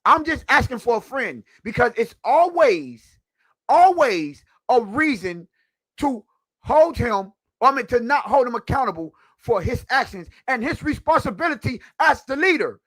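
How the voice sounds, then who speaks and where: A man's voice: very high-pitched, sing-song, a little slow, fairly bright tone, no echo. A man hosting a heated sports talk show, preachy and emphatic, firing off rhetorical questions.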